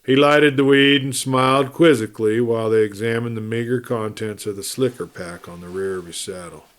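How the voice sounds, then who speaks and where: A man hosting a storytelling show, reading a western novel aloud in steady, measured narration. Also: medium pitch. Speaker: storyteller host.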